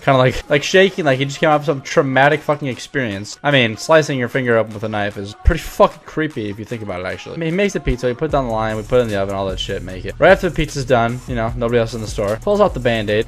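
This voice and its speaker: Fast-talking young man telling gaming stories. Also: mid-range voice, faint music behind. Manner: profane, animated retelling with lots of filler "like". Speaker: gaming YouTuber. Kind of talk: casual storytelling over gameplay.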